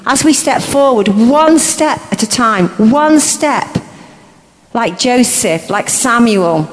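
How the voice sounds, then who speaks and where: A woman preaching a charismatic sermon, impassioned, moving between hushed murmurs and roaring shouts. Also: mid-range voice. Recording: echoey hall reverb.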